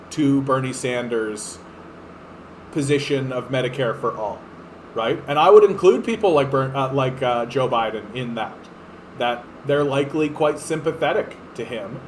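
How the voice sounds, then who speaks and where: A man's voice: mid-range voice, slight background noise, low-quality recording. A man hosting a political podcast, ranting in a profane, fired-up way with lots of fillers. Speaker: podcast host. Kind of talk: political commentary rant.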